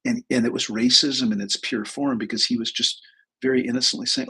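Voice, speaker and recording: A man in his sixties speaks with a heavily raspy, gritty voice of ordinary pitch. He tells a personal story on a live stream in a candid, rambling way, restarting often and swearing casually. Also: fairly even intonation, a little fast, pushed and bright, low-quality recording. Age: 60s. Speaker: host.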